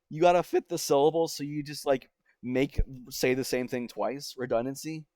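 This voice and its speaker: A man's voice: medium pitch, animated, normal speed, darkish tone, no echo, clean studio sound. A young man talking through a casual video game review in a chatty, exasperated way, often trailing off and restarting. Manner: chatty and exasperated, with many fillers and self-interruptions.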